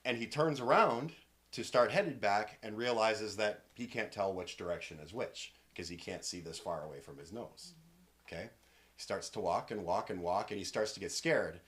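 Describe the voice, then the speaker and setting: Man, game master, tabletop narration, bright tone, hesitant restarts. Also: fairly low pitch, normal speed.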